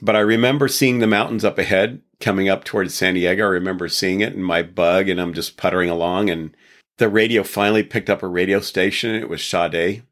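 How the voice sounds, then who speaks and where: A man from Texas with a very low, deep voice recounts his past in a loose, rambling interview style. He is reflective and chuckles now and then as the memories come back. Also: steady tone, a little fast, a bit bright. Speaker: podcast guest. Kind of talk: casual storytelling interview.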